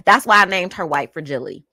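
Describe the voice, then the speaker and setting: Woman, podcast host, personal storytelling, emphatic, outspoken, talks to listeners directly, lower pitch, bright tone. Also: dry recording, clean studio sound. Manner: outspoken and heated.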